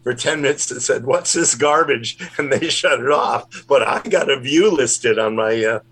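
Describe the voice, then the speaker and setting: A man's voice: medium pitch, normal speed, a bit bright, husky. A man, a rabbi and puppeteer, chatting casually in an interview in a rambling, self-deprecating way. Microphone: remote call.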